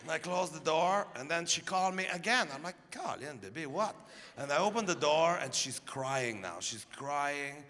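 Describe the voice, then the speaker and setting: A man doing live stand-up storytelling, animated and profane, laughing through his lines. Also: fairly high pitch, moderate pace, few pauses. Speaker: stand-up comedian. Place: live comedy stage. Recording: reverberant venue, faint crowd noise.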